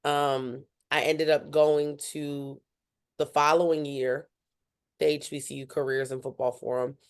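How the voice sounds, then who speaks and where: Animated young woman telling her story. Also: low voice, measured pace, smooth. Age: young adult. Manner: animated, acts out other people's lines. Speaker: guest, student journalist. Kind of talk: casual interview storytelling.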